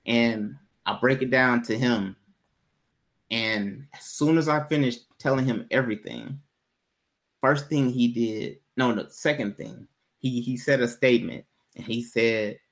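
Man, casual storytelling chat, animated, laughs a lot. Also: unhurried. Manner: animated, jumps to high pitch when quoting himself, laughs often. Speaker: podcast co-host telling a story.

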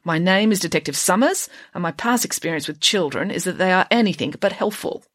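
A woman's voice: on the low side, animated, a little fast. A woman reading aloud, voicing a stern, snappish female police detective who speaks curtly. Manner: curt, commanding.

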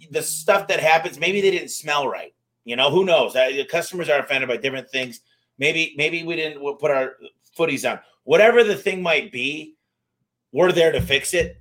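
Man, business owner, casual interview storytelling, bright forceful tone, energetic, acts out dialogue. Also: on the high side. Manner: energetic, fast-moving anecdotes with acted-out dialogue. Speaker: garage door company owner, guest.

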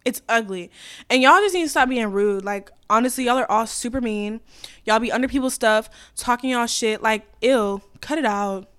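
A young woman hosting a podcast, ranting in a blunt, profane, sassy casual chat that swings between loud and quiet. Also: a little high, normal speed, smooth. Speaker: podcast host.

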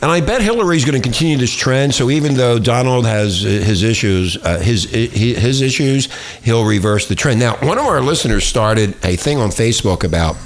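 A man's voice: mid-range voice, lively intonation, normal speed, a little hiss or hum. A man hosting a crude, casual talk radio show, rambling with lots of fillers and restarts.

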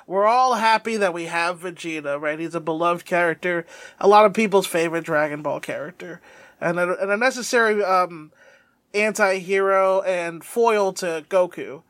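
A woman's voice: lowish voice, moderate pace, dry recording. A woman co-hosting a podcast in casual, swearing, laughing chat. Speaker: podcast co-host. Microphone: podcast mic.

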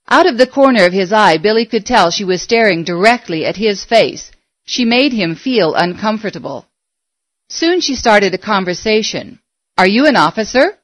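Woman narrator for a storybook; steady, measured, dry close mic. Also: medium pitch, no room sound.

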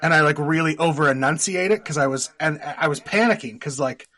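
A man's voice: fairly high pitch, fairly quick, pushed and bright. A young Canadian man, a guest actor on a podcast, telling rambling stories with lots of fillers and laughter. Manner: rambling storyteller, laughs often, many fillers. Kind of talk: casual podcast interview.

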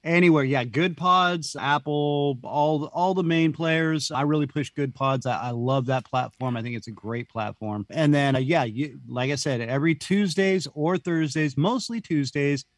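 A man's voice: on the high side, normal speed, few pauses, no room sound. A man talking as a podcast guest in a casual, rambling chat, laughing often and saying "dude".

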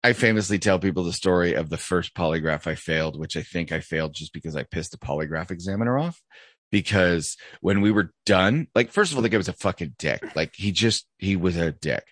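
Blunt, low-voiced male podcast co-host. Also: animated, fairly quick, a bit bright, dry recording, studio quality. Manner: blunt, profane storytelling with frequent laughs. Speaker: podcast co-host, police officer. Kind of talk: casual podcast chat.

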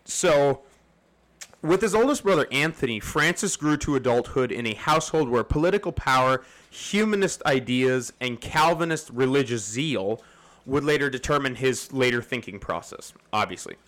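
A man's voice: mid-range voice, lively intonation, moderate pace, fairly bright tone. A man hosting a casual history podcast, rambling and laughing often as he explains. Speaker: podcast host.

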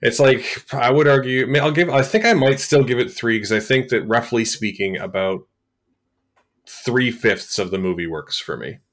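A man co-hosting a podcast, chatting casually about a film, animated and quick to act out reactions. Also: medium pitch. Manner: animated, laughing, acts out reactions. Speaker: podcast co-host. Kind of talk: casual film review chat.

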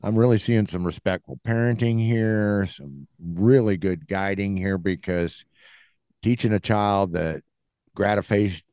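Man, low voice, lively swings in pitch, encouraging co-host, casual chat, dry mic. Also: dry recording. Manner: warm, encouraging, chuckling. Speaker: podcast co-host.

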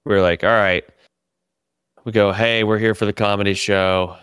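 Profane, animated male storyteller, smooth voice. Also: lowish voice, normal speed, no echo, clean studio sound. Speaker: comedian telling tour stories. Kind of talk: casual podcast chat.

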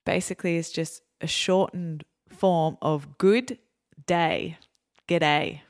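A woman with an Australian accent hosting a podcast, upbeat and explaining slang slowly and clearly. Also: lowish voice, fairly even intonation, darkish tone. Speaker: podcast host. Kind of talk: scripted podcast intro and interview.

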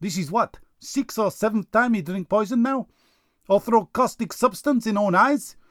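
A man voicing a smug male Russian state-media correspondent, in a put-on Russian accent with broken, deadpan English in a comedy sketch. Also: high-pitched, normal speed, dry recording, studio quality.

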